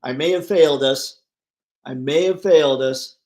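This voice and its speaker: A man hosting a casual livestream, reading viewer comments aloud and riffing on them, thinking out loud as he browses online listings. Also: on the high side, moderate pace. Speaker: livestream host. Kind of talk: casual live chat.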